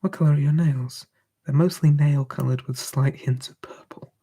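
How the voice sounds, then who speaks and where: A man streaming live ASMR, whispering softly and answering chat in a relaxed way. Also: fairly high pitch, moderate pace, husky.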